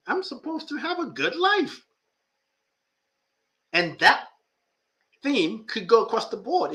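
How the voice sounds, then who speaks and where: Lively bright-voiced male podcast host. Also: high-pitched. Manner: emphatic, talks to listeners directly. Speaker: podcast host and life coach. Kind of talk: reflective podcast monologue.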